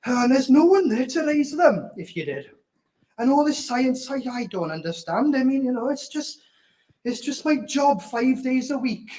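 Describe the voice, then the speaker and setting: A young man with a Welsh accent reads pop lyrics aloud in a flat, deadpan speaking voice and breaks off for wry asides. His voice sits fairly high for a man. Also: normal speed, poor audio. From Wales. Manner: deadpan spoken lyrics broken by joking asides. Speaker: convention speaker doing a charity bit. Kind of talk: reciting song lyrics in a spoken comic voice.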